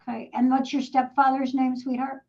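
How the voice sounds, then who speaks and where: A woman's voice: high-pitched, completely flat delivery, normal speed, darkish tone, dull audio. A woman psychic medium giving a live reading, asking probing questions and calling the sitter darling and sweetheart.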